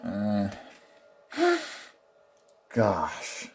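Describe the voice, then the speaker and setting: A man's voice: lowish voice, drawn-out words, a little hiss or hum. A man commenting casually on a game he is playing, with mumbled bemused asides. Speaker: let's play host. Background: game music.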